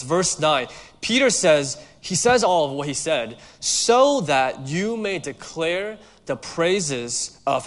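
Conversational man preaching in a reverberant hall. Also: fairly high pitch. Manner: conversational preaching with personal stories. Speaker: pastor. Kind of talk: sermon.

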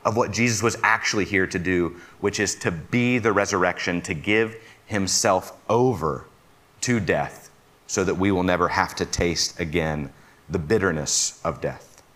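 A man's voice: low voice, unhurried, fairly bright tone. A man preaching a conversational sermon. He asks his listeners questions and counts himself among them as a fellow "fixer.".

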